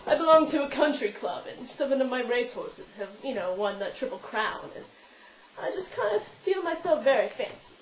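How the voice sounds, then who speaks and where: A woman voicing a snobbish rich country-club lady in a haughty, drawn-out put-on posh voice, recorded as a roomy, slightly muffled home video. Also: high-pitched, very animated, a little hiss or hum. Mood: smug.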